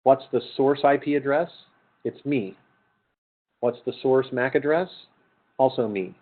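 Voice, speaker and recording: A middle-aged man gives a conversational university lecture, quizzing his students and then answering his own questions. His voice is mid-range and a little slow, and the lecture capture sounds tinny and lo-fi.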